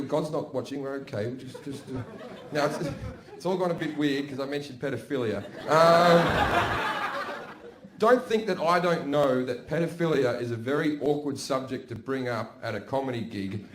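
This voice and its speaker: A man with an Australian accent performing profane stand-up comedy, swinging between loud bursts and low mutters, in a theater. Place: theater with a balcony, live audience. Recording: roomy live stage recording with audience laughter.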